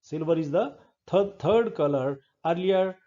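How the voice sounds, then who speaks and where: Slow, repetitive male literature lecturer. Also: on the high side, lively intonation, dark tone, highs cut off. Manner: slow, repeats words, explains step by step. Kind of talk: lecture explaining a poem.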